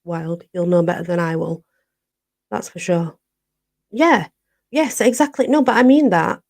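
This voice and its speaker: A woman from Barnsley with a Yorkshire accent, hosting a relaxed live chat and answering viewers, who says "you know" again and again. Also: fairly low pitch, unhurried, creaky. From Barnsley, Yorkshire, England. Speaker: livestream host.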